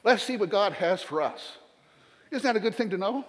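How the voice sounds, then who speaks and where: Older Southern man, retired pastor, folksy sermon with joking asides, fairly high voice, church reverb. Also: animated, moderate pace, a bit bright.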